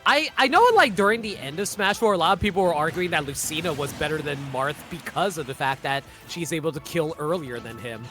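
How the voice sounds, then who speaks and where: A man with a high voice gives loose, casual esports commentary on a headset. His tone is bright and forward, and he jokes and laughs a lot. He often stops to fix his own wording. Faint music plays behind him. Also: fairly quick, hardly any pauses. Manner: joking, laughs often, corrects himself mid-sentence.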